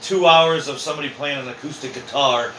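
A man's voice: mid-range voice, steady tone, fairly quick, over a noisy crowd. A man co-hosting a podcast, chiming in with wry jokes in casual chat. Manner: wry, joking interjections. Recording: roomy, distant mic, clear noise.

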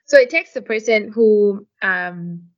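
A woman's voice: mid-range voice, animated, slow pace, muffled recording. A woman co-hosting a podcast, telling a story in casual chat. She talks frankly, swears often and fills her sentences with "like" and "um". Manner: frank, profane storytelling full of "like" and "um". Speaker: podcast co-host.

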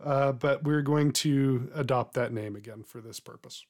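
Calm game master narrating scenes. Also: mid-range voice, normal speed. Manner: calm, descriptive.

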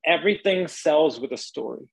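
A man's voice: fairly high pitch, expressive, normal speed, creaky, breathy edge, poor audio. A man hosting a podcast, telling stories in a laid-back way and swearing casually.

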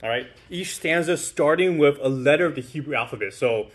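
Conversational pastor, fairly high voice. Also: male voice, brisk. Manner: conversational, frequent "right?" checks; informal, with fillers and restarts. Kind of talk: sermon.

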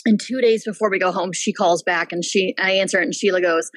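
Animated storytelling woman, dry sound. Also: medium pitch, fast, few pauses, no echo, poor audio. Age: adult with a child. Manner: animated, laughing, swears casually. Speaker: henna artist and business owner. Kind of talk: casual storytelling chat.

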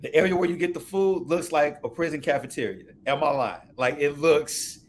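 A man telling a story in casual chat, animated and profane, often laughing. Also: fairly high pitch, normal speed, a little hiss or hum.

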